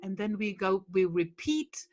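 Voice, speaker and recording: A woman's voice: mid-range voice, expressive, a little slow, darkish tone, soft background music. A woman leading a lullaby workshop, patiently explaining a song step by step and breaking off to sing phrases. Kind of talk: teaching a song to a group.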